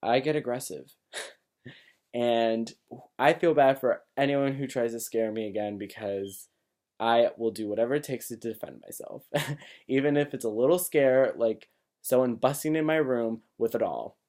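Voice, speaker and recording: A young man casually telling a personal story to camera, animated, laughing often and full of filler words. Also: medium pitch. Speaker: vlogger.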